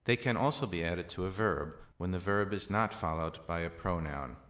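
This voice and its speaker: A man teaching a recorded language lesson, reading each example slowly and clearly. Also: low-pitched, a bit bright. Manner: slow, measured, careful enunciation of each example.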